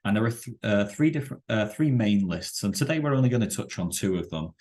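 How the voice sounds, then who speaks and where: A man teaching a web development lesson over a screen-share, explaining with halting, self-correcting sentences and many fillers. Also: lowish voice, expressive, darkish tone. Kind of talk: screen-share coding tutorial.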